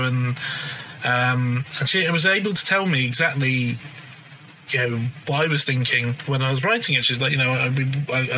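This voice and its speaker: A man, a musician guest, talking in a halting way with many fillers as he searches for words. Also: mid-range voice, bright, forceful tone, a little hiss or hum, low-quality recording. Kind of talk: interview talk.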